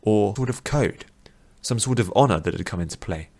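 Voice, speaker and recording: Deep-voiced male fantasy narrator. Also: lively intonation, moderate pace, dark tone. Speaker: audiobook narrator.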